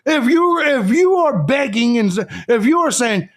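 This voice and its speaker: A man's voice: extremely high pitch, sing-song, normal speed. A man hosting a live stream, ranting crudely and combatively as he lectures his audience. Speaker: live show host.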